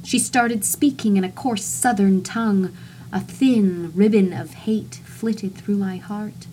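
A woman reading a first-person novel aloud as audiobook narrator, wry and expressive. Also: medium pitch, takes it slowly, slight background noise.

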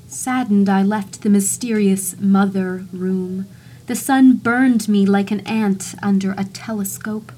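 A woman reading a first-person novel aloud as audiobook narrator, wry and expressive. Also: medium pitch, slow pace, slight background noise.

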